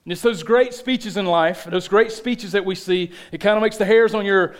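A man with a thick Southern accent preaching a sermon as a pastor, telling stories with animated emphasis. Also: high voice, moderate pace.

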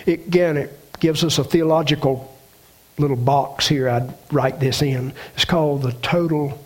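A man's voice: a little high, steady tone, moderate pace. A man preaching a sermon, emphatic and repetitive, quoting scripture and asking the congregation for an amen. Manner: emphatic, repeats phrases, quotes scripture.

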